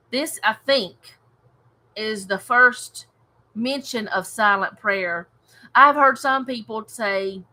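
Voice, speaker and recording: Bright-voiced woman leading Bible study. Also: fairly high pitch, low-quality recording. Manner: earnest, reflective, soft laughs and restarts. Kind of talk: casual home Bible study with scripture reading.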